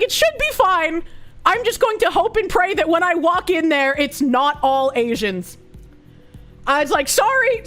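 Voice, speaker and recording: A young woman streamer with a very high voice tells a story in casual chat, lively and profane, often laughing and acting out the people in it. Faint music plays behind her.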